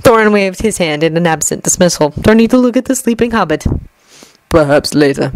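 A woman reading a fanfiction story aloud at a gentle, even pace, lightly acting out the dialogue. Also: mid-range voice, fast talker, slight background noise, poor audio. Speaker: fanfiction reader.

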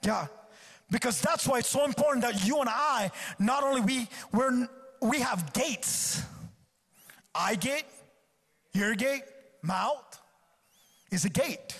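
A man's voice: very high voice, lively intonation, slow pace, vocal fry, pauses often, fairly bright tone, breathy edge. A male guest preacher delivering a sermon at a church service, exhorting with emphatic repetition.

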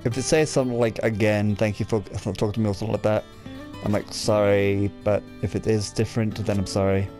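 A man's voice: fairly low pitch, little pitch movement, a little fast, a little mellow. A young man casually commentating a video game, joking, rambling and a bit crude. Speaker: gameplay commentator. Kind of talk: casual let's-play commentary. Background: game music.

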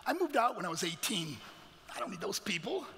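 A man's voice: sits high, sing-song, fairly quick, pushed and bright. A man giving an earnest, emotional talk as a guest speaker in a church. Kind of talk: heartfelt motivational talk. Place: church sanctuary. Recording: long hall reverb with faint music.

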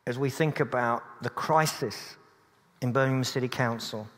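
A man's voice: mid-range voice, normal speed, fairly bright tone. A man preaching a sermon in a church, earnest but with dry humorous asides. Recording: long church reverb.

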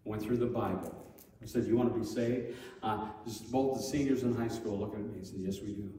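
A middle-aged man telling a personal story as a Sunday school teacher, lively and acting out the voices of others. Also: on the low side, a little fast. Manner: animated, acts out quoted voices loudly. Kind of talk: storytelling sermon. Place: church hall. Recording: echoey hall from far off.

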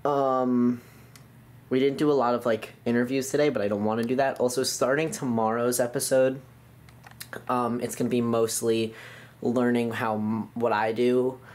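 A man's voice: medium pitch, darkish tone. A young man chatting casually as a vlogger, rambling with fillers and restarts. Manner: rambling, filler-heavy, self-correcting. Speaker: vlogger and sound effects crew member. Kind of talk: casual vlog chat.

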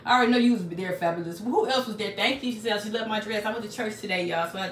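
A woman's voice: medium pitch, racing, a bit bright, recorded from a distance. A chatty woman hosts a live crafting stream from a small craft room at home, talking straight to her viewers. Her voice sounds roomy and set back from the mic, with a faint hum of background noise. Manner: chatty, talks straight to viewers, reads out comments. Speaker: crafting livestream host.

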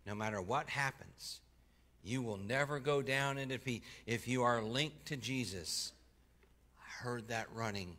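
A man reading a first-person story aloud at a church service, expressively, slowing and softening for grave moments, with occasional stumbles and self-corrections. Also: medium pitch. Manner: expressive, slows down and drops soft for grave moments.

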